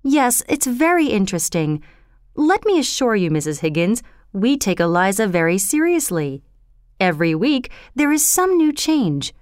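A woman's voice: mid-range voice, big pitch swings, moderate pace, darkish tone, clean tone, dry recording, clean studio sound, close to an everyday voice. A woman voicing an earnest, courteous older male colonel in a storybook reading. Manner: earnest, reassuring.

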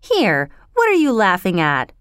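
A woman voicing a fiery young flower girl with a Cockney accent and rough, blunt grammar, in a storybook reading. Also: mid-range voice, wildly swooping pitch, unhurried, fairly bright tone, dry recording, studio quality.

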